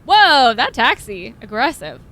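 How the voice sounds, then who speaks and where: Young woman, streamer, playful, giggly, high voice, slow pace, dry mic sound. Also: big pitch swings, a bit bright, slight background noise. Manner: playful, giggly, reacts aloud. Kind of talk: casual let's-play commentary.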